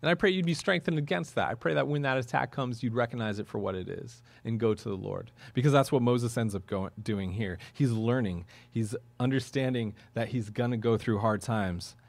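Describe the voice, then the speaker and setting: A man's voice: mid-range voice, fairly quick, vocal fry, few pauses, no room sound. A man preaching a sermon as pastor of a church, talking in a conversational, earnest way that now and then rises into emphatic bursts.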